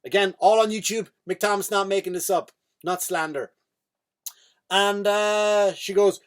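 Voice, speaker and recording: An Irish comedian rambles through a podcast monologue, blunt and full of swearing. His voice sits a little higher than most men's. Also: a little fast.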